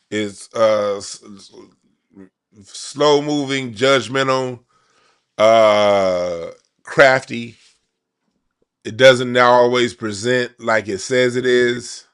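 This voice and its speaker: A man's voice: medium pitch, a bit bright. A man hosting a casual card-reading monologue, talking in loose slang with frequent restarts and repeated words. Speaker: card reader, channel host.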